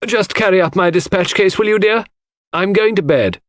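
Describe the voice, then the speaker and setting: A man's voice: animated, normal speed, dry recording, studio quality, lightly acted. A man voicing an imperious older lady giving orders in a storybook reading. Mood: commanding. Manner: loud, high and commanding.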